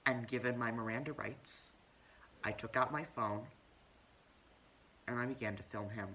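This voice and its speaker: A man's voice: medium pitch, normal speed, a little hiss or hum, poor audio. A man playing a self-righteous, preachy young woman who tells her story in a pompous, lecturing comedic monologue. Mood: indignant. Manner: pompous, lecturing, deadpan self-important delivery.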